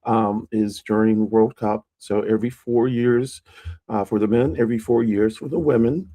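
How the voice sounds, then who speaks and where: A streamer chatting alone on a casual live stream, rambling with many fillers and restarts and sometimes pushing the voice higher. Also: fairly even intonation, normal speed, mellow. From United States. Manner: plays with raising the pitch of the voice.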